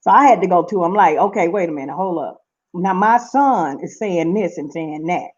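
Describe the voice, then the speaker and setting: A woman's voice: lowish voice, animated, moderate pace, darkish tone, lo-fi sound. A middle-aged woman from Seattle telling stories to camera in a casual vlog, talking emphatically and repeating herself. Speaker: vlogger.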